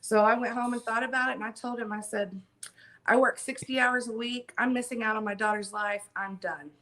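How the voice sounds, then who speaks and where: A woman's voice: a little high, steady tone, fairly quick, a bit bright. A middle-aged woman telling her story animatedly as an interview guest, with lots of ums and emphasis.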